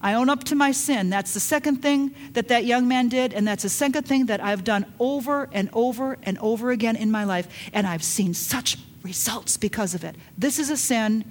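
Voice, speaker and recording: A middle-aged woman preaching a sermon, emphatic, dropping to hushed lines and rising to loud urgent calls. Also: fairly high pitch, normal speed, hardly any pauses, slight background noise. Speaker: pastor.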